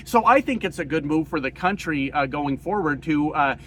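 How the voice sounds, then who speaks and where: A man from rural Colorado giving a casual, profane political rant, hoarse and coughing, rambling with many fillers. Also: on the high side, animated, normal speed, fairly bright tone, slight background noise. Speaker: political commentator.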